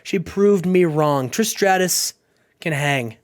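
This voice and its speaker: A man's voice: fairly high pitch, takes it slowly. A man voicing a proud female wrestler cutting a defiant promo in a game playthrough, without much change of voice.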